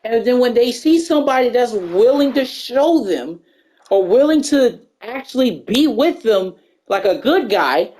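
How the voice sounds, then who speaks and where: A woman's voice: fairly high pitch, animated, a little slow, darkish tone. A woman telling a personal story to camera as a heated rant, repeating herself, stammering and swearing when worked up. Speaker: storyteller vlogger.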